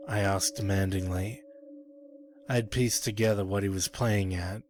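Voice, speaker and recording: A man narrating a creepypasta in a slow, grave storytelling manner. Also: lowish voice, steady tone, darkish tone. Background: faint ambient music.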